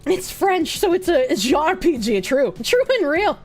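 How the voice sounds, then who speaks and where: A woman's voice: sits high, very animated, moderate pace, soft background music. A woman streamer with a Boston accent, chatting bluntly and casually with her viewers, swearing often and breaking into laughs.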